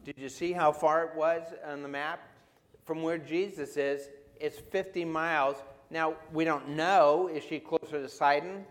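A man's voice: a little high, fairly even intonation, measured pace, in a large hall. A man preaching a sermon in a conversational way, often asking his listeners questions. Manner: conversational, asks the audience questions. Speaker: pastor.

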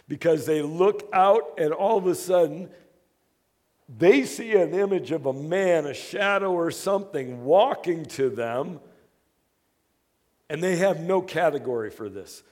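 Man, preacher, fairly high voice, earnest storytelling, hushed then loud, long hall reverb. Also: lively intonation, measured pace. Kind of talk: sermon.

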